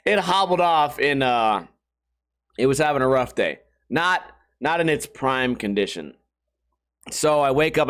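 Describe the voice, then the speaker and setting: A man's voice: mid-range voice, animated, measured pace, fairly bright tone. A man hosting a podcast with a sore throat, telling stories in a casual, rambling, profane way. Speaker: podcast host. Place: home. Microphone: camera, sitting at a desk.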